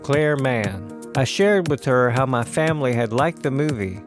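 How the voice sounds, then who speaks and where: A man giving steady, scripted documentary narration. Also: mid-range voice, measured pace. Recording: narration over clear guitar music.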